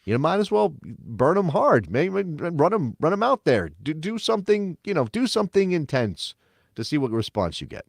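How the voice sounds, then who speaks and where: Male podcast co-host, conversational and animated, dry studio sound. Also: moderate pace, gravelly, no echo. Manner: animated, mock-quotes others in high voice. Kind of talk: casual sports talk.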